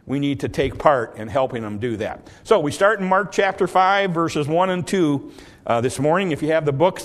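A pastor delivering a sermon in a somewhat high voice for a man. He retells the story in a relaxed, folksy way, full of fillers and restarts. Now and then he bursts out with loud, dramatic quotes.

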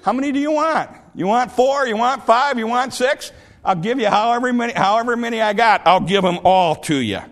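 A male preacher voicing a grumpy, sleepy man who is pestered at midnight and shouts refusals from his bed. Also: very high voice, expressive, a little fast, voice pushed up. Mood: exasperated. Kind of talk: sermon storytelling.

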